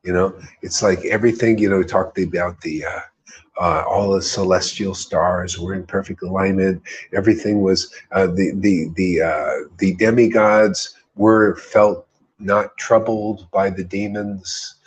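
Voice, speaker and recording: A man's voice: low-pitched, fairly even intonation, unhurried, breathy edge. A man leading a devotional group, giving an informal spiritual talk full of emphatic repetition and rhetorical questions.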